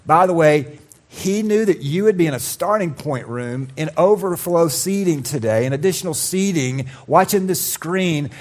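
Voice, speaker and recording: A man preaching a sermon as pastor, telling a personal story with lively acted quotes and sudden drops to a quiet voice. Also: on the high side, moderate pace. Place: church.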